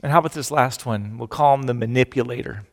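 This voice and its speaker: A man's voice: medium pitch, fast. Preaching man, long hall reverb. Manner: animated, emphatic preaching with acted-out quotes. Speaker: pastor. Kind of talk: sermon.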